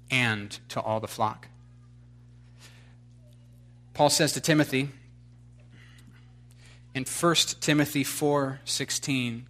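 A man preaching a sermon who moves from loud, fervent exhortation to quiet, confessional storytelling full of casual fillers. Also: mid-range voice. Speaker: pastor.

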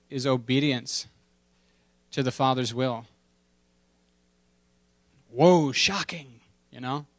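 A man's voice: medium pitch, a bit bright, no echo. Conversational, joking male pastor. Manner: conversational and humorous, with playful asides and impressions; emphatic repetition when preaching. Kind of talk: sermon.

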